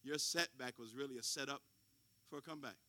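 A man preaching a sermon as pastor, telling stories in a folksy, informal way and swinging from quiet talk to loud preaching. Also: mid-range voice, fast talker, dry recording.

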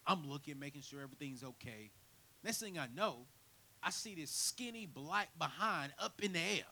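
A man preaching a sermon in church, telling his own story with big swings from quiet to near shouting. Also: on the high side, expressive, moderate pace, poor audio. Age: 30s. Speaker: guest preacher. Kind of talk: sermon with personal testimony.

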